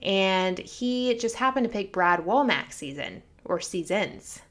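A woman's voice: medium pitch, a little slow. Chatty woman podcast co-host. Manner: chatty, animated retelling with quoted voices. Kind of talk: casual chat.

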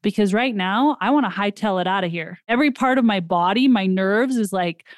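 Woman host, smooth clear voice, dry close sound, animated storytelling with acted-out quotes. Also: mid-range voice, fairly quick, no room sound. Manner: animated retelling, acts out quoted dialogue. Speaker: podcast host. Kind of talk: personal storytelling.

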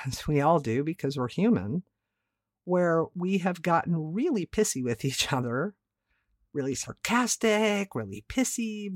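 A woman's voice: deep voice, no room sound, clean studio sound. A woman hosting a self-help podcast, talking candidly and emphatically, with offhand swearing. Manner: emphatic, repeats words for stress. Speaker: podcast host.

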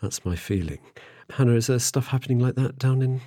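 In a studio-quality recording with no echo, a middle-aged podcast host talks a little fast in a mellow, mid-range voice. He rambles casually, keeps restarting, and chuckles now and then.

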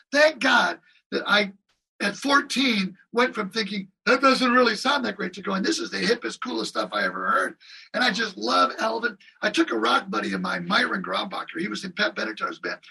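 A man with a high, very husky voice tells animated stories, swooping all over his range. He acts out other people's lines and sings drum beats as he goes. He sounds set back from the mic. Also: distant mic, poor audio. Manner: lively anecdotes with voiced impressions and drum sounds. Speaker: guest drummer. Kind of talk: animated storytelling in an interview.

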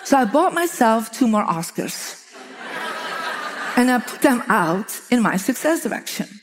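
A middle-aged woman, a feng shui teacher telling lively stories to an audience, often laughing and acting out quoted dialogue. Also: a little high, a little slow, noisy background. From Belgium. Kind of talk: storytelling talk to an audience.

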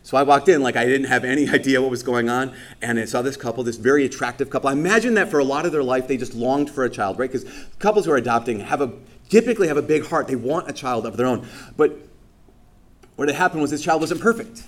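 A man preaching as a Catholic priest, in a mid-pitched voice. He tells a personal story in an animated way, acts out each person's lines, and pokes fun at himself as he goes. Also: fast talker. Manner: animated, acts out dialogue with self-deprecating humor.

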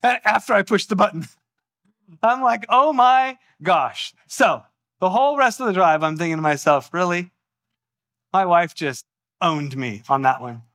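A man preaching with a high, bright and forceful voice. He tells a personal story with lots of animation and acts out the voices in it. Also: moderate pace. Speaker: pastor.

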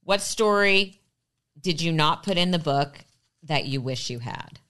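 Woman host asking questions, low voice that swoops around, laughs a lot. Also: expressive, unhurried. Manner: warm, laughs easily, asks questions. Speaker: interviewer host. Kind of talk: casual interview chat.

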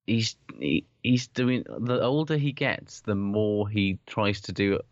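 A man with a very deep voice trades opinions on sport in a blunt, cursing, no-nonsense way. The recording is dull and lo-fi, with a dry, close sound. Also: takes it slowly, dry recording. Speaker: podcast co-host. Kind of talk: casual sports chat.

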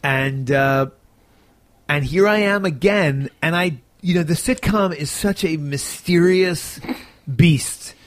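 A man in his forties, an actor being interviewed, talking in a chatty, animated way and sounding tired. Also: fairly high pitch, takes it slowly, dry recording. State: tired, yawning. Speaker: actor and sitcom co-creator. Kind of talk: casual interview talk.

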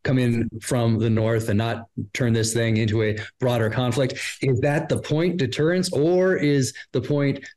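A man hosting a podcast, asking halting questions full of fillers and restarts. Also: mid-range voice, steady tone, darkish tone. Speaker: podcast host. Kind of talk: interview questions.

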